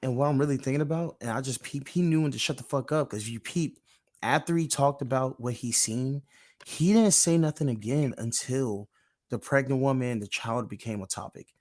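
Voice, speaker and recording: Man, casual movie review chat, excitable, slangy, profane, mid-pitched, dry sound. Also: fairly quick, no echo. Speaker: podcast co-host.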